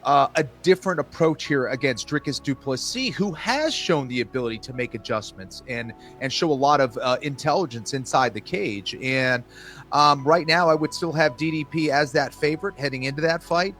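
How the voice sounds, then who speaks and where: A man with a slightly high voice gives a measured fight breakdown. He pauses on fillers as he thinks, with faint music under him. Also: fairly bright tone. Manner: measured, uses filler words. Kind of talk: measured analysis.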